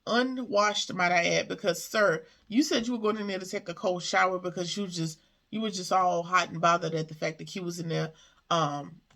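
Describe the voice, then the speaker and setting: Sassy woman reviewer, bright and forceful voice, loose casual recap. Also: fairly low pitch. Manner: sassy, talks back to the characters. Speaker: TV show reviewer.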